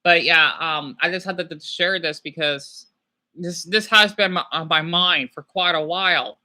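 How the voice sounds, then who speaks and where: A man hosting a casual livestream, rambling and excitable, often apologizing as he talks. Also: on the high side, normal speed. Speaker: livestream host.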